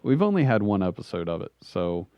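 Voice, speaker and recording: A man hosting a podcast, talking in a relaxed, easygoing casual chat. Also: deep voice, brisk, smooth, no room sound, muffled recording. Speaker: podcast host.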